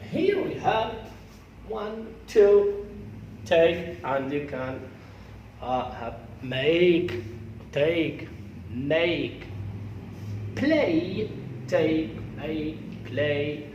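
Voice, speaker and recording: Slow Algerian man teaching English pronunciation. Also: fairly high pitch, expressive, dull audio, noisy background. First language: Arabic. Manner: slow, repetitive, drills words aloud. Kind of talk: classroom pronunciation lesson. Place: classroom. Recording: echoey classroom from far off.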